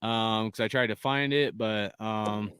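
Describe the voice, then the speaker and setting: A man's voice: on the low side, fairly even intonation, measured pace, a bit bright, clean tone, no echo, studio quality. A man chatting casually as a sports fan co-host, laid-back and rambling, swearing and trailing off.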